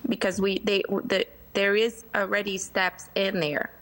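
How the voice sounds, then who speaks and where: A woman testifying remotely at a town hearing on behalf of a relative, hesitant with many pauses and fillers. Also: medium pitch, flat delivery, fairly bright tone, rough recording. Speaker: applicant representative. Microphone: remote video call.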